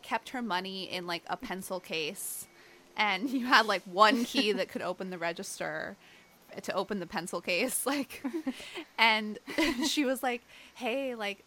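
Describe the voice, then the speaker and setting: A woman's voice: medium pitch, bright, forceful tone. A woman chatting casually, telling rambling stories full of fillers and quoted lines. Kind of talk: casual chat.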